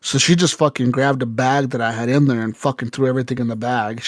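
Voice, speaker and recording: A man's voice: mid-range voice, steady tone, quick pace, few pauses, no echo. Guy on a podcast telling a wild story, cussing and laughing, voices the people he quotes, dry sound. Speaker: podcast co-host. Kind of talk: casual storytelling chat.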